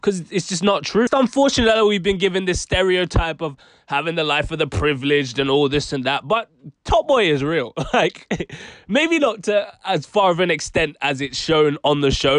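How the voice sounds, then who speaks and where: A man's voice: on the high side, dry recording, studio quality. Young british guy ranting on his vlog, slangy and fed up, voice jumps all over. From United Kingdom. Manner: emphatic, exasperated, slangy. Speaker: commentary YouTuber. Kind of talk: opinion vlog commentary.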